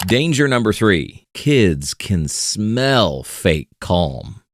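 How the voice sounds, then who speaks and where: A man's voice: fairly low pitch, sing-song, extremely slow, dry recording. Wry, punchy man narrating, dry sound. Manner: wry, punchy delivery with sarcastic asides. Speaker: explainer narrator. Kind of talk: scripted comedic narration.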